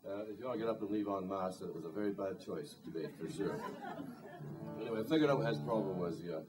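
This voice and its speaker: A man's voice: low voice, expressive, fast talker, loud music behind the voice, a loud crowd. A male singer-songwriter telling a rambling, wry story between songs at a live gig, with plenty of "you know". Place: live music venue. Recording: distant live gig recording.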